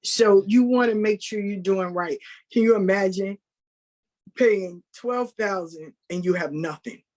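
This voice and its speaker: A woman guest on a casual podcast, blunt and animated, acting out the people in her stories. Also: medium pitch, a little slow.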